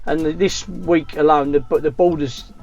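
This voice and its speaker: A man's voice: fairly high pitch, fairly even intonation, normal speed, gravelly, darkish tone. A middle-aged man who tells stories in a blunt, plain-spoken way during a casual chat. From England. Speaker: boxing coach and cab driver, guest. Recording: dull lo-fi sound with faint music.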